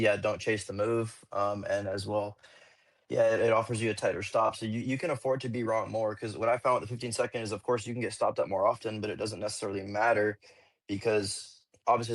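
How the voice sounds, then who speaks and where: A man's voice: lowish voice, level tone, brisk. A man in an online audio chat, rambling and repeating himself as he explains. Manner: rambling, repeats words, leans on fillers. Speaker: caller.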